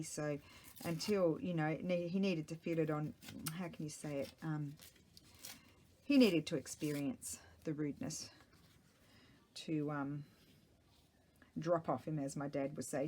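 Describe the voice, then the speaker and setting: A woman's voice: sits low, unhurried, pauses often, darkish tone, a little hiss or hum. A middle-aged woman, chatting casually and rambling to herself while she works on a craft project at home. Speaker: craft vlogger. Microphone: small microphone.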